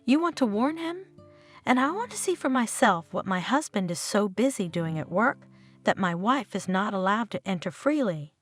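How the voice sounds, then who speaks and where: A woman reading the lines of a furious betrayed wife, indignant and shouting in outbursts. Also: medium pitch, big pitch swings, moderate pace, faint music behind.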